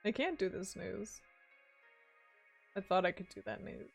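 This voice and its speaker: A woman's voice: mid-range voice, measured pace, creaky, husky, soft background music. A woman streaming a video game and chatting casually with her viewers, giggly and teasing. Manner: chatty, giggly, answers chat. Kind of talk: casual live-stream chat.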